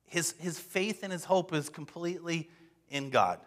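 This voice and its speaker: A man preaching a sermon, telling a scripture story with expressive acted-out quotes. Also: a little high, moderate pace. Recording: long hall reverb.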